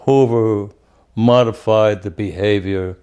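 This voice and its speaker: Older New man, ex-congressman, deep and mellow, tells it blunt and salty. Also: fairly even intonation, slow, smooth. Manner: blunt, profane storyteller who repeats words as he goes. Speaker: former congressman. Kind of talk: recounting past events in an interview.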